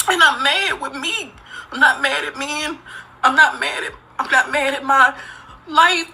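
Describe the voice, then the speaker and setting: A woman in her thirties records a confessional video on a phone held close. She speaks with raw emotion and calls her viewers "y'all." Her voice is fairly high, strikingly bright and edged with gravelly fry. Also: moderate pace, a little hiss or hum, poor audio. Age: 30s. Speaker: social media poster.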